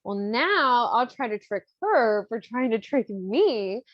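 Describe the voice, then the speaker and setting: A woman's voice: on the high side, very animated, slow pace, dry recording, highs cut off, exaggerated voice. A woman voicing a scheming, jealous young male servant, talking in an indignant, sweet-talking manner.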